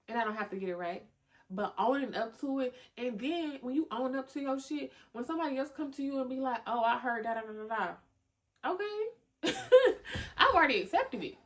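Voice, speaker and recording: A young woman hosting a podcast, giving animated motivational talk full of slang, cussing and laughter. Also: a little high. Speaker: podcast host. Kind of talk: motivational casual talk to listeners.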